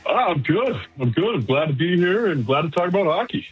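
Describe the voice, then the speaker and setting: A man's voice: a little high, big pitch swings, a little fast, slightly rough, faint music behind. A man calling in as a guest to talk hockey, upbeat and easygoing. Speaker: hockey podcast host, radio guest. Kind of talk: casual sports talk. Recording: tinny phone line.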